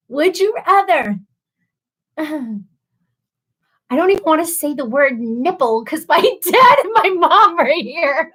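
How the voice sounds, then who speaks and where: This host's voice is high and a bit bright, very animated yet unhurried, with frequent pauses. She's running a casual live stream, laughing plenty and slightly tipsy on wine as she reads viewers' comments.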